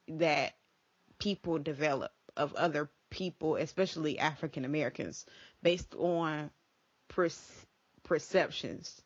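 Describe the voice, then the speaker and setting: Podcast co-host, mid-pitched voice, thoughtful and halting, dry lo-fi audio. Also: dry recording. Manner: thoughtful, searches for words. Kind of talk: casual discussion.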